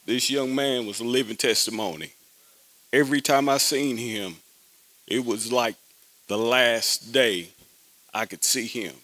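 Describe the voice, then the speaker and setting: A man speaking solemnly in a preacherly way, with pauses, to a grieving family at a memorial service. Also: medium pitch, sharp tone, no room sound.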